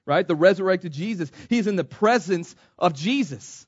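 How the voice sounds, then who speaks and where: A man's voice: high-pitched, expressive, moderate pace, hardly any pauses, breathy edge, no room sound, muffled recording. A man from the United States preaching a sermon, repeating himself and calling the congregation "church". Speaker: pastor.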